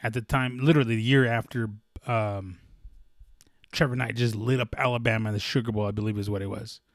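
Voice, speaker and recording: Casual young male sports host, rambling, profane, excitable, middle pitch, dry close sound. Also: fairly quick, dry recording.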